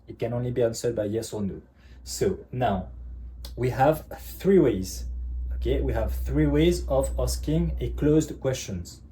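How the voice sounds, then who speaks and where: A male French teacher gives a beginner lesson in English, walking through each point slowly and tagging most sentences with "okay?". His voice is mellow and mid-pitched. A faint hiss sits under the recording. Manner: explains step by step, says "okay?" often. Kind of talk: online language lesson.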